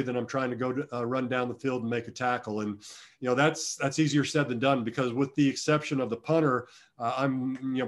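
A middle-aged man, a former football long snapper, answering interview questions in a rambling, self-deprecating way with many restarts. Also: medium pitch. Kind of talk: conversational storytelling interview.

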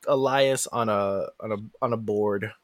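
A man's voice: a little slow, dry recording, clean studio sound. A man co-hosting a casual wrestling podcast, retelling a show with acted-out quotes and big jumps in his voice. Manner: animated storyteller, acts out quotes with big pitch jumps. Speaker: podcast co-host. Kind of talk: casual wrestling recap chat.

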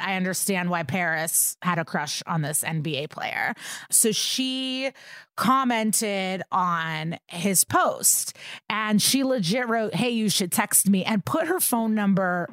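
A woman's voice: medium pitch, expressive, slow, a bit bright, no echo, studio quality. A woman co-hosting a podcast, retelling a true-crime case in a casual, profane way with laughs, acting out the people she quotes. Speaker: podcast co-host.

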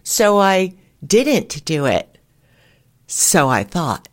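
A low-pitched woman hosting a podcast in an easy, chatty storytelling mode. She laughs often while telling her anecdotes. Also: very animated, very slow. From United States. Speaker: podcast host. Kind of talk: casual storytelling monologue.

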